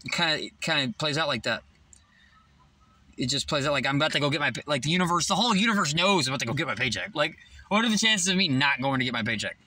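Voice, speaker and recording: A young man vlogging outdoors beside his car, telling a rambling, excitable story and swearing freely. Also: fairly high pitch, fast. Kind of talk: casual vlog storytelling. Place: outdoors by a tree near his parked car.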